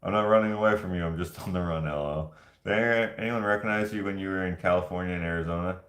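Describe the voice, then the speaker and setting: A man's voice: deep voice, fairly even intonation, quick pace, a bit bright. A man vlogging and answering viewer questions in casual chat, rambling and jokey, laughing easily. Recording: echoey room.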